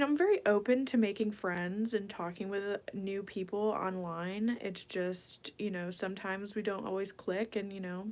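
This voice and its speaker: A woman at a mid-pitched speaking level runs a casual ASMR livestream. She answers her viewers in a playful, meandering way and often drops into a breathy whisper. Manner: casual rambling, drifting into whispered asides; chatty and playful, reading viewer questions aloud. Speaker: ASMR livestream host reading chat.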